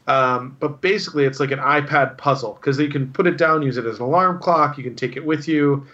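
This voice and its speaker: A man's voice: fairly high pitch, brisk, sharp tone, highs cut off. A man chatting casually as a podcast host, enthusiastic and rambling with lots of fillers. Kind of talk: casual chat.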